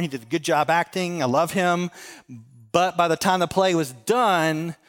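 A man's voice: a little high, moderate pace, a bit bright. A man preaching in an echoing hall. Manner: earnest, storytelling, with repeated phrases and restarts. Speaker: pastor. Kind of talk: sermon. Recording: long hall reverb.

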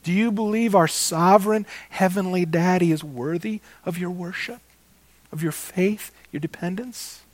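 A man preaching a sermon, slow and emphatic, repeating key phrases and calling his listeners "guys". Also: sits high, dry recording.

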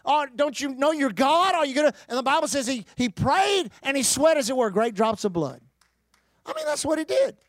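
Male pastor, very high voice, dry close sound, emphatic sermon delivery with repetition. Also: no room sound. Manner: emphatic preaching with rhetorical questions and repetition; pauses with fillers, occasional shouted bursts.

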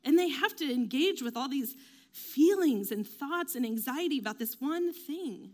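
Woman chatting about faith, kinda high voice, lots of likes and ums, acts out little quotes. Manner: chatty, self-deprecating, many fillers; quick, animated acted-out quotes. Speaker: devotional speaker. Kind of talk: casual faith talk.

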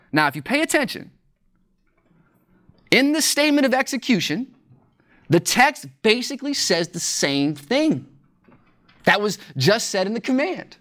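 Preacher, sermon, slow deliberate emphasis, rhetorical questions, mid-pitched voice. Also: a bit bright. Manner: deliberate, slows for emphasis on key words. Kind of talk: sermon teaching from scripture.

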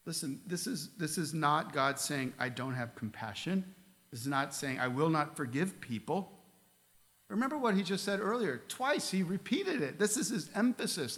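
A man's voice: on the high side, expressive, normal speed, a bit bright. A male pastor preaching a sermon in a church, reading scripture aloud and asking the congregation earnest questions. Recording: long reverb of a large hall.

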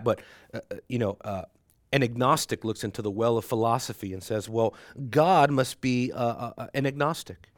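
A man's voice: fairly low pitch, a bit bright, no room sound, clean studio sound. A man teaching a Bible class in a conversational lecture, joking with and teasing his students and laughing often.

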